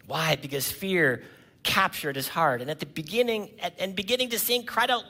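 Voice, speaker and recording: Bright, high-voiced preaching man. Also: big pitch swings, normal speed. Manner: preaches with dramatic swings between loud cries and hushed lines; asks the congregation questions. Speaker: pastor. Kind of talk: sermon.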